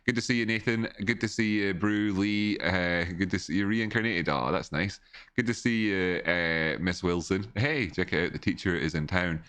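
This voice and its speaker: A man talks through market charts on a casual home livestream, and his voice sits very low. He rambles, restarts his words and breaks off to chat with his viewers. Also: moderate pace, fairly bright tone, clear, resonant tone, no echo. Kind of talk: casual live-stream chart analysis.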